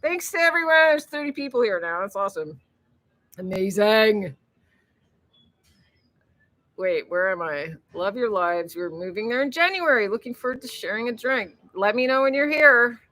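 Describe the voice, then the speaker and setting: Bright-voiced rambling woman vlogger. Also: mid-range voice, expressive, moderate pace, pauses often, no room sound, poor audio. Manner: rambling, chatty, laughs often, swears freely. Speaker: vlogger hosting a live stream. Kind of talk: casual live-stream chat reading viewer comments.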